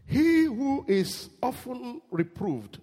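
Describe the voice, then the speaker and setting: A man preaching a sermon in church, animated and quizzing his congregation. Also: extremely high pitch, slow pace, in a large hall. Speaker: pastor.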